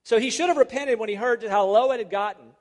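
A man's voice: extremely high pitch, fast. A man preaching a sermon as a pastor, emphatic and full of rhetorical questions. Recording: long reverb of a large hall.

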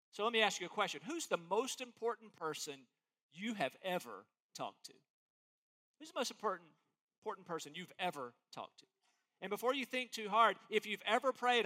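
A man preaching an expository sermon as pastor, emphatic and animated, acting out quotes as he goes. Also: high-pitched.

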